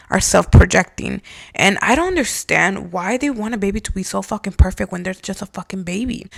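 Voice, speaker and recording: A young woman a gravelly, creaky voice, hosting a casual podcast. She reads listener stories aloud and reacts bluntly, swearing freely. The sound is dry and close, no room echo. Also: medium pitch. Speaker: podcast host.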